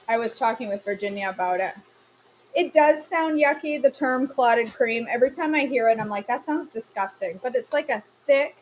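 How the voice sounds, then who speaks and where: Woman chatting thru a live cooking class in her kitchen, kinda high voice, answers comments. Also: slight background noise, low-quality recording. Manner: chatty, replies to viewer comments. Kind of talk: casual live cooking stream.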